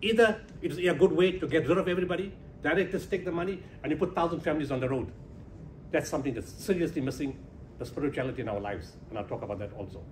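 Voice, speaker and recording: A man giving a humorous motivational speech to a business audience, telling animated stories, acting out dialogue and laughing at his own jokes. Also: a little high, quick pace, slight background noise. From South Africa. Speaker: keynote speaker, humanitarian founder. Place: conference hall before a business audience.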